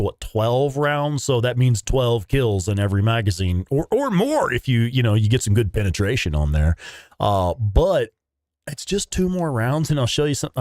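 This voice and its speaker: A man's voice: medium pitch, darkish tone, no echo, clean studio sound. A young man, chatting casually with viewers while livestreaming a game and swearing now and then. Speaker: livestream gamer.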